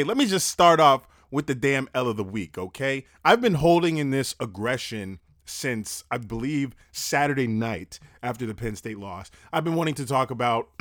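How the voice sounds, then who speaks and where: A man's voice: medium pitch, fairly bright tone, no echo, studio quality. A young man hosting a casual sports podcast alone, ranting profanely with plenty of fillers. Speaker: podcast host.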